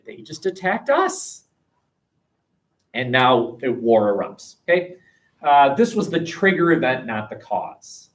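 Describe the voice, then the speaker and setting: A man teaching a history class, lively and questioning, recorded from across a classroom. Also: medium pitch, slow pace. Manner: animated, asks the class questions, jokes. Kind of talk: classroom lecture. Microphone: webcam across the room. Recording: distant webcam sound.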